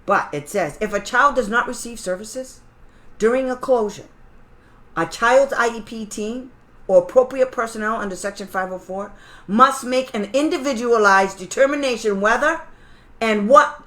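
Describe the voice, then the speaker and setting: A woman's voice: a little high, fairly bright tone. Fiery, blunt woman advocate. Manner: fiery, sarcastic, scolding. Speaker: special education advocate. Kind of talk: blunt informal talk to parents.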